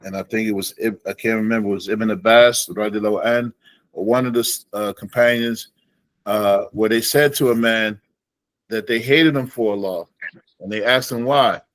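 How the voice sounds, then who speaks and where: A man teaching an Islamic studies class in a relaxed way, slowing down to demonstrate Arabic phrases. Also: on the low side, dry recording, rough recording.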